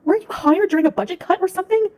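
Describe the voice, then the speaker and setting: A woman playing a frantic caller, high voice. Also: rapid-fire, warm tone. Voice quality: frantic, exasperated. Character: panicking wife of a dying man. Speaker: skit actor. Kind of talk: comedy skit acting.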